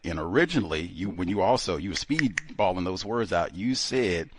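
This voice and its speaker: A man hosting a talk show, interrupting his guest and pressing his questions with slow, emphatic delivery. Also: low-pitched, animated, a little hiss or hum. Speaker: radio show host.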